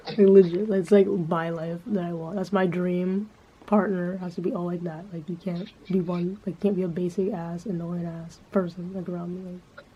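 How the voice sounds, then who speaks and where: A woman talking in a casual, rambling monologue, swearing freely and filling her speech with filler words. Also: fairly low pitch. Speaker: vlogger. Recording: dull lo-fi sound with faint background noise.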